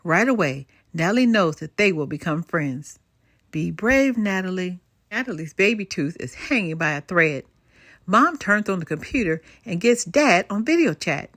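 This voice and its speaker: An older woman storyteller reading a bedtime story aloud, her pitch rising and falling a lot. The recording is close and dry, with no room around her. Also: normal speed, dry recording. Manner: expressive, lilting.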